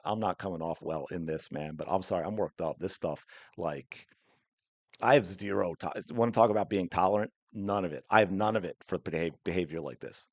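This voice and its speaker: A man rants angrily as he hosts a sports podcast. His voice sits low, and the recording is close and dry. He sounds worked up and indignant throughout. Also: no room sound. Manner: angry, ranting, indignant. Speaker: podcast host. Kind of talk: heated commentary.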